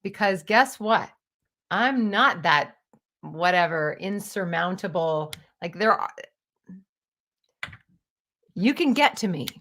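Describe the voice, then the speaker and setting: Brief: woman around 50, casual storytelling vlogger, chatty and animated. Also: on the low side, slow pace, long pauses. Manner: chatty, animated, lots of "like" and "you know".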